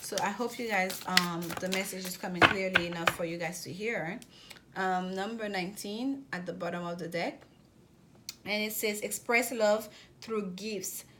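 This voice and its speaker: Fast-talking woman reading tarot. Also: mid-range voice, steady tone, noisy background. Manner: rapid, repetitive with many restarts. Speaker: tarot reader.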